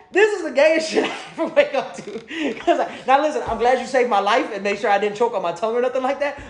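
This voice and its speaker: A man chats casually and tells stories, using plenty of slang. He is animated and laughs through the funny bits, but his voice goes low and quiet when he quotes others. The recording has a roomy echo.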